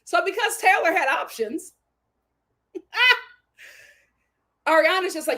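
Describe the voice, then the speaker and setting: A woman's voice: very high voice, lively intonation, slow, fairly bright tone. A woman recapping a reality dating show, laughing often and repeating lines for emphasis.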